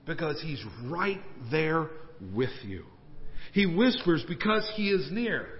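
A man preaching a sermon as pastor, swinging between raised, emphatic questions and hushed, slowed asides. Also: a little high, very animated. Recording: long church-hall reverb, dull lo-fi sound.

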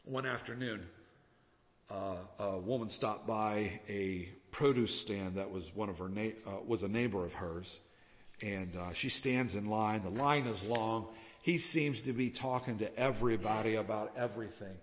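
A man preaching a sermon as a pastor, telling a story and acting out the voices in it with lively swings in loudness. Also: on the low side, normal speed. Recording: dull sound with long reverb.

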